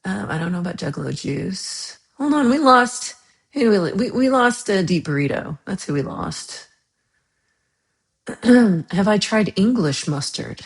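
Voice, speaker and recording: A woman's voice: mid-range voice, lively intonation, unhurried, creaky. A woman hosting a casual livestream, chatting and reacting to viewer comments in a rambling way with frequent laughs. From United States. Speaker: livestream host.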